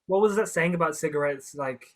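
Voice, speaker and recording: A man co-hosting a casual podcast chat, chiming in with quick, offhand remarks. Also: fairly high pitch. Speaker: podcast co-host.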